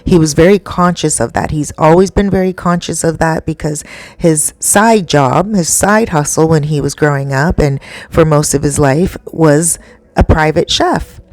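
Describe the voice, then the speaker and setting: A woman telling a spooky story in a chatty, animated way with many asides to the listener. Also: low voice, moderate pace, no echo.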